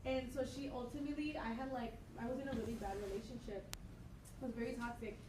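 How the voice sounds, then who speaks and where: A woman's voice: a little high, steady tone, quick pace. Woman student telling a story in class, acts out the quotes, far from mic, echoey and noisy. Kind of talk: casual classroom anecdote.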